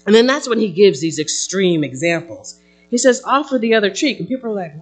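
Pastor, husky tone, very lively sermon delivery with playful asides. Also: medium pitch, a little fast, faint music behind. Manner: animated preaching with playful asides and acted quotes.

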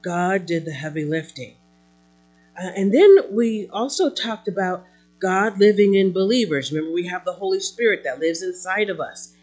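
A woman preaching a sermon in an expressive way, swinging between loud emphasis and soft asides, with fillers now and then. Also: lowish voice, moderate pace, faint music behind.

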